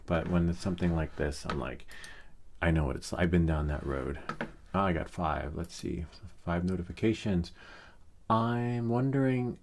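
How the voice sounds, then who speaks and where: A man's voice: sits low, a little hiss or hum. A middle-aged man hosting a casual tech tutorial, talking in a chatty, rambling way with many fillers and asides. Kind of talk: casual screen-recorded tutorial.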